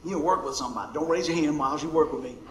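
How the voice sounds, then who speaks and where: An older man preaches in a high, lively voice, cracking jokes and chuckling between his points. His sermon rings through an echoey church hall with a faint hiss of noise behind it. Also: rapid-fire. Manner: jokey, animated, laughs often. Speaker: pastor.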